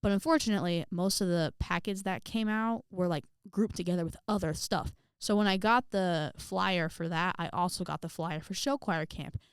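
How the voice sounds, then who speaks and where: A young adult woman telling a story on her vlog in a sassy, animated way, with exaggerated outbursts. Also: lowish voice, moderate pace, hardly any pauses, smooth, no echo, studio quality. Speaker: vlogger.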